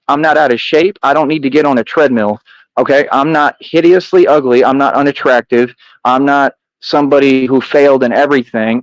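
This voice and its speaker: A man's voice: medium pitch, no echo, rough recording. A man talking straight to camera as a vlogger, boastful and combative, addressing critics in heavy street slang and repeating himself. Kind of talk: defiant monologue to camera.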